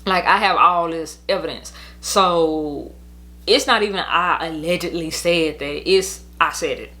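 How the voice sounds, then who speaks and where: A woman's voice: sits low, a little slow, pushed and bright. A young woman telling her custody story in a casual storytime monologue, blunt, heated and profane, rambling as she goes.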